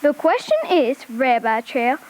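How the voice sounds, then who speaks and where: Brief: cowgirl puppet for kids, woman voicing, Southern drawl, high and sing-song, eager. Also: animated, measured pace, darkish tone, poor audio. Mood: chipper. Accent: put-on Southern US drawl. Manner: folksy, eager. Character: chipper young cowgirl puppet. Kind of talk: children's puppet show.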